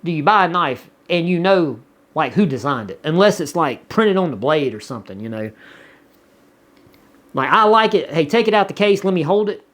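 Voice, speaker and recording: A man's voice: fairly high pitch, animated, moderate pace, fairly bright tone. A man with a Southern US accent chatting casually as a vlogger, rambling and repeating words as he reads viewer comments. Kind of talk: casual chat.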